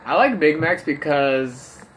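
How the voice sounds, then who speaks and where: A man's voice: a little high, lively intonation, takes it slowly. Tipsy man rambling on a livestream. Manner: loose, rambling, swears a lot. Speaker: podcast host, comedian. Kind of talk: casual chat on a drunk livestream. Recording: phone livestream audio, faint background noise.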